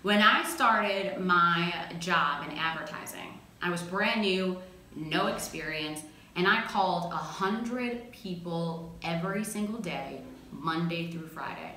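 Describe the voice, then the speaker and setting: A woman giving an energetic, emphatic motivational talk in a casual, slangy way. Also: on the low side, slow pace. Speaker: motivational speaker. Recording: very echoey room.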